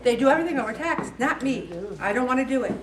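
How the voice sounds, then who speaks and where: Woman, 50s, group leader, chatty and lively, higher voice, miked from across a roomy hall. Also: fast talker, a little hiss or hum. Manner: chatty and animated, acts out quoted voices. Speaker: faith-based support group leader. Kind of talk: casual talk to a group. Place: meeting room. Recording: echoey room from far off.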